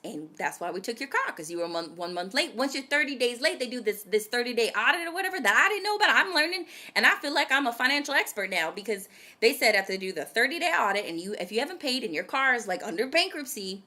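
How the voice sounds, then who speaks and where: Animated, bright-voiced young woman storyteller. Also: fairly high pitch, brisk. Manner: animated, dramatic storytelling that addresses viewers directly. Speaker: vlogger. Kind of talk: casual storytelling to camera.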